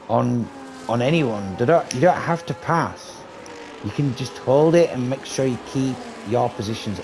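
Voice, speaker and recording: Man, casual race commentary, excitable, mid-pitched voice, clear game noise behind. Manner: excitable, chatty, swears casually. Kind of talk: casual live sim racing commentary.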